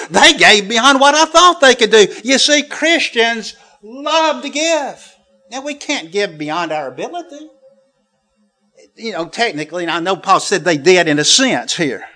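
A middle-aged man preaching a sermon, emphatic, reading scripture aloud with force and dropping to quiet asides. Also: high voice. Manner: emphatic, swings between loud quoting and quiet asides.

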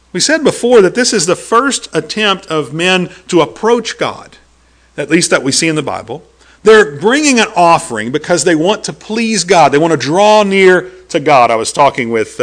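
A middle-aged man preaching a sermon, animated and storytelling, acting out quoted voices and laughing often. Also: on the high side.

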